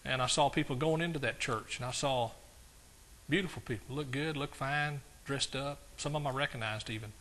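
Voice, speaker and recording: A man's voice: medium pitch, brisk, fairly bright tone, a little hiss or hum. A pastor from East Texas, telling his conversion story in a sermon, folksy and building to fervent exclamations. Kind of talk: sermon testimony. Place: church service.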